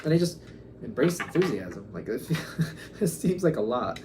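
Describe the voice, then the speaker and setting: A man's voice: fairly high pitch, very animated, moderate pace, noisy background. A man giving a casual tarot reading, musing aloud and acting out quoted back-and-forths. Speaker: tarot reader.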